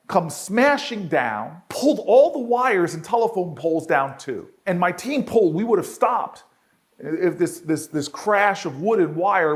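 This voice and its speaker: A man giving a storytelling speech at an archive celebration. He builds to loud peaks and then drops to a quiet, solemn close. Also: high-pitched. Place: event hall with an audience.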